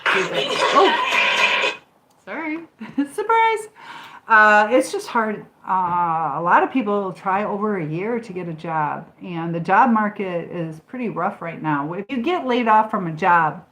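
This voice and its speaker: Her voice is medium in pitch, animated and a bit bright, delivered at a measured pace over poor audio. She's an older woman from Michigan hosting an easygoing live chat, responding to viewer comments with frequent ums.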